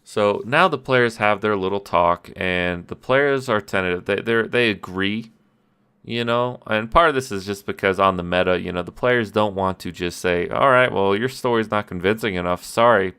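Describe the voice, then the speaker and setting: Speaking into an audio-only podcast mic for a casual solo recap, a game master talks through his tabletop session in a fairly low, clear, resonant voice that's a bit bright. The telling is rambling and self-deprecating, with restarts and brief quoted voices.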